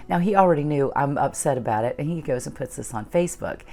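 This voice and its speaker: A woman's voice: sits low, expressive, fast talker, creaky, dark tone, faint music behind. A middle-aged woman hosting her own channel, earnestly retelling a personal story and acting out the dialogue. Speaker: channel host.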